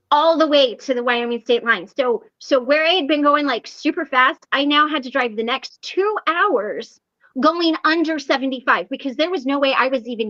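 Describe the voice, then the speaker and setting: A woman hosting a recovery meeting, telling a story in a casual, animated way and laughing often. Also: sits high, dry recording, lo-fi sound.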